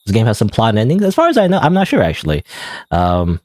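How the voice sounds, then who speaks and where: A man's voice: on the low side, wildly swooping pitch, quick pace, darkish tone, no room sound, soft background music. A man streaming a game live, giving casual, rambling, self-deprecating commentary full of "you know" and "I don't know.". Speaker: gaming streamer.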